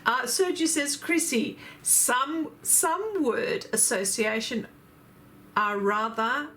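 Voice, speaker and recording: A woman's voice: a little high, takes it slowly, sharp tone, slight background noise. Chatty woman hosting an art livestream. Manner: chatty, laughing, reads out viewer comments. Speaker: art livestream host reading chat. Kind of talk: casual chat.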